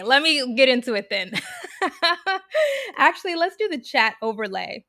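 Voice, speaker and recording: A young woman chatting loudly on a live stream, projecting like a trained stage performer. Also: high voice, measured pace, no echo, studio quality. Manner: loud, projecting theater voice, lively and chatty. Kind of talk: casual live stream chat.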